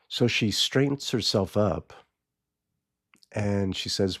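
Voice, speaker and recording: Halting, gravelly-voiced man. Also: fairly low pitch, lively intonation. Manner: halting, repeats words, musing. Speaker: podcast host. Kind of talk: casual retelling of a children's book.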